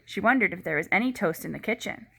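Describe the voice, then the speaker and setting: A woman teacher reading a children's book aloud in an expressive storytelling voice. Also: mid-range voice, fast, gravelly, slightly rough.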